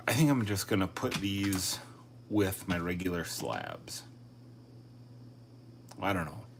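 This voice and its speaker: A man's voice: low voice, huge pitch swings, slow, vocal fry, long pauses, noisy background. A man chatting casually on a live stream, thinking aloud and joking at his own expense. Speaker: coin collecting live streamer.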